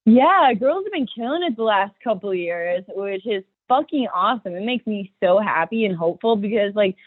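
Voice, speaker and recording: A young woman rapper chatting casually as a podcast guest, excitable and profane, laughing often. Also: mid-range voice, moderate pace, no echo. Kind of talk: casual chat. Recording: dry tinny phone-like audio.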